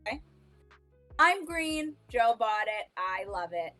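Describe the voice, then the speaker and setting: A woman's voice: a little high, very animated, takes it slowly, fairly bright tone, soft background music. A woman co-hosting a podcast, telling her own stories in casual chat, rambling with restarts and laughing at herself. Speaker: podcast co-host.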